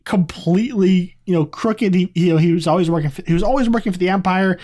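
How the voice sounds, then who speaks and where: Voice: mid-range voice, fast, warm tone. A podcast co-host in a casual review chat, talking in a chatty, rambling way with many asides.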